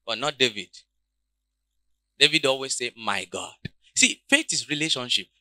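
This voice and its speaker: A man preaching a sermon, calling out questions to the congregation and swinging between quiet, low passages and loud shouts. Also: lively intonation, moderate pace, no echo. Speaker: pastor.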